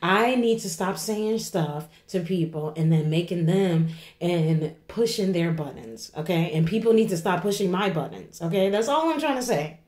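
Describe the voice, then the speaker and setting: A woman's voice: lowish voice, lively intonation, moderate pace, darkish tone, roomy sound. A woman in her forties, tearful after crying, talking in a rambling way to her viewers and often asking "okay?" and "you know?". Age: 40s. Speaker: vlogger. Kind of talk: emotional vlog talk to viewers.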